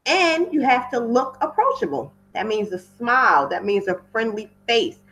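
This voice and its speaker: A woman's voice: on the high side, lively intonation, normal speed, vocal fry, a bit bright, low-quality recording. A woman hosting a webinar for wedding pros, chatty and off script, repeating words for emphasis over a computer mic. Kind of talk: casual talk from a webinar.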